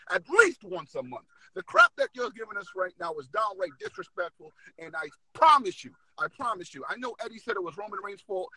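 Fired-up male podcast co-host; high, animated, bright delivery, dry close mic. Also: no echo, low-quality recording. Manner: heated, ranting, exaggerated. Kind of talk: casual wrestling podcast rant.

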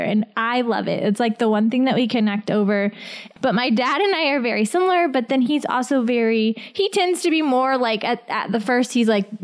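A woman in her thirties co-hosting a casual podcast, chatty and animated, laughing often as she tells stories. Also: a little high. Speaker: podcast co-host. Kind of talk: casual chat.

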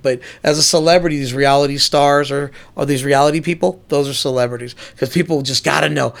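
A man's voice: on the high side, fast, gravelly, hardly any pauses. A man chatting casually as a podcast co-host, telling long rambling stories and swearing freely. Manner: rambling storyteller, acts out quoted lines. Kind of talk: casual chat.

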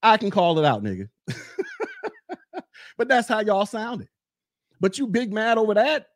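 A man rants on his podcast, mocking a rival and coming back again and again to the same taunts. His voice sits high for a man. It is recorded close and dry, with no room sound. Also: sing-song, normal speed, no room sound. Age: 40s. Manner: mocking, heated, repeats taunts. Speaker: podcast host. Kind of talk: casual commentary rant.

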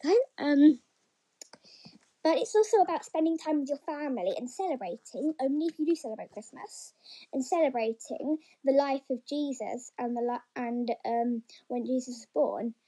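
Woman reading a picture book to young children; high, mellow voice; encouraging, chatty, stumbling now and then. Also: normal speed, breathy edge, low-quality recording. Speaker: story reader for young children. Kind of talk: reading a picture book aloud with pauses for questions.

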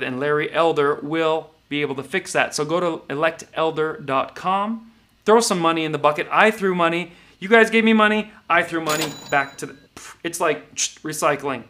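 Man, host, high pitch, sharp tense tone, sarcastic, mocking, punchy comedic commentary. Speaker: host of a political commentary show.

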